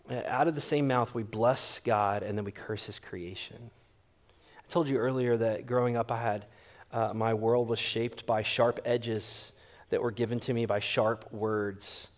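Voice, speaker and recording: A male pastor, preaching a sermon and telling stories animatedly, acting out the dialogue. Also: mid-range voice. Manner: animated storyteller acting out quotes. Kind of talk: sermon with storytelling.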